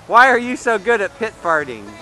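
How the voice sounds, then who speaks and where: A man's voice: high-pitched, very animated, normal speed, pushed and bright, faint music behind, rough recording. A man filming a child at an outdoor water park on a handheld camera, chatting and teasing playfully. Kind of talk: casual home video narration. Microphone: handheld camera mic.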